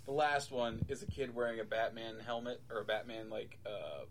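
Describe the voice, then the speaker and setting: A man co-hosting a casual comic book podcast, who retells stories with quick voices for each character. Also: mid-range voice, crowd noise, poor audio. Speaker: podcast co-host.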